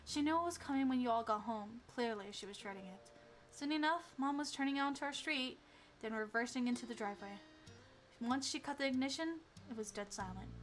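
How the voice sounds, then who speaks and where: A young woman streamer reading a story game aloud, chatting animatedly and giggling between lines. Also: on the high side.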